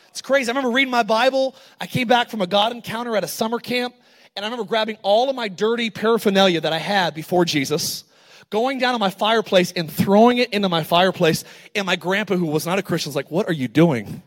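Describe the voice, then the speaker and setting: A man with a notably high voice preaches with lively storytelling energy. He slips into casual asides, then rises to loud, emphatic calls to his congregation. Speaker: pastor. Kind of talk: sermon.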